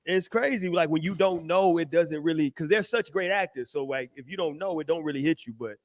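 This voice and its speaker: A man's voice: on the high side, a little fast, no echo, studio quality. A man, co-hosting a relationship podcast in laid-back, slangy, chatty talk. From Texas. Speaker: podcast co-host. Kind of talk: casual chat.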